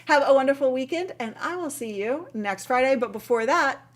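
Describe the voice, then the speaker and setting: A woman with a fairly high voice hosts a casual live Q&A stream. She sounds tired yet stays chatty and upbeat, laughing often and drifting into fillers as she talks. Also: expressive, a little fast. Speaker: livestream host.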